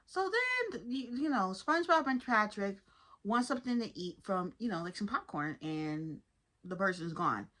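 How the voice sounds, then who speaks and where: A woman chatting casually to her viewers as she reviews a cartoon episode, lively and informal. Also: medium pitch, normal speed. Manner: chatty, animated, addresses viewers as y'all. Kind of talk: casual commentary.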